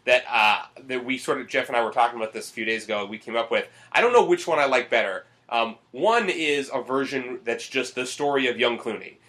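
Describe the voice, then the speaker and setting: Male podcast host, casual movie talk, bright voice, rambling and profane. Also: medium pitch, a little fast, hardly any pauses. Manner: rambling, profane, full of fillers.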